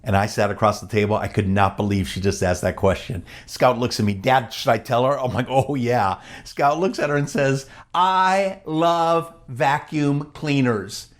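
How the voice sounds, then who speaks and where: A man giving a storytelling speech at a gala, animated and acting out the quoted dialogue of others. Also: fairly low pitch, brisk, few pauses. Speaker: gala speaker.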